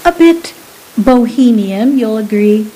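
A woman's voice: a little high, lively intonation, takes it slowly, dark tone, slight background noise, poor audio. A woman doing a fussy genteel Victorian lady. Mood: fretful. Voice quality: refined upper-class speech, fussy. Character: fretful genteel Victorian lady Mary, prim.

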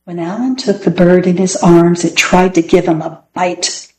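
A woman reading picture books aloud, with clear, expressive storytelling. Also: fairly low pitch, moderate pace. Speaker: storybook reader. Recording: roomy echo.

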